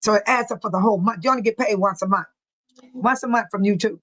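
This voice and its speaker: A woman's voice: medium pitch, quick pace, a bit bright, dry recording, poor audio. An older woman from the Chicago area hosting a casual livestream, chatty and laughing often as she reads viewer comments aloud. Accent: Chicago-area American English. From United States. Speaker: livestream host.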